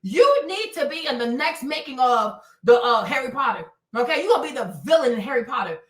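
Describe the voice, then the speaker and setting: Loud, dramatic woman gossiping, high lively voice. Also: a little fast, reverberant, distant mic, rough recording. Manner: loud, dramatic, with shrieks and laughter; switches into Spanish phrases. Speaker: livestream host. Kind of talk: casual gossip commentary.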